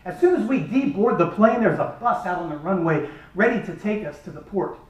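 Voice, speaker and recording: A man giving a humorous storytelling speech at a charity event, lively and animated. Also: high-pitched, a little fast. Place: event hall. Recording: echoey hall from far off.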